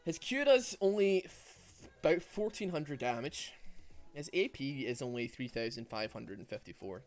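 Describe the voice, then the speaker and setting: Young glaswegian guy rambling away mid game, mid-pitched voice, faint music behind. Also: animated, moderate pace. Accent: Glaswegian Scottish. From Glasgow, Scotland. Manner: rambling, peppered with "like", "man" and "dude". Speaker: streamer. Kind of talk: casual chat while gaming.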